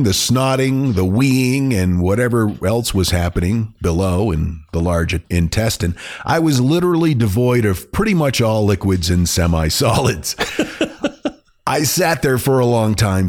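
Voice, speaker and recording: A man's voice: lowish voice, lively intonation, a little slow. A man hosting a podcast, reading a listener's funny email aloud with amusement and often breaking into laughter. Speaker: podcast host.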